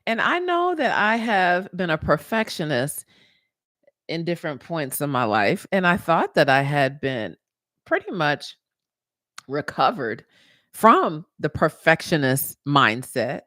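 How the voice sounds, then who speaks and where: A woman hosting her podcast, telling a personal story in a casual, motivational monologue and jumping into a high voice when she retells her own thoughts. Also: very animated, measured pace, fairly bright tone, no echo, studio quality. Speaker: podcast host.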